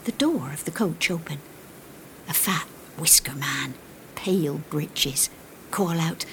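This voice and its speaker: A woman narrating a first-person tale in a hushed, breathy whisper with old-fashioned phrasing. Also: deep voice, lively intonation, slow pace, slight background noise. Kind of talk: whispered storytelling.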